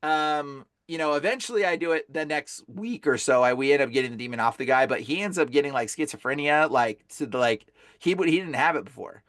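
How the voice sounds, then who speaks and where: A man guesting on a podcast who tells his story in an excited, casual way, full of "bro" and "like". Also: a little high, a little fast, no room sound, clean studio sound. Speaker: podcast guest, deliverance minister. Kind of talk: animated storytelling.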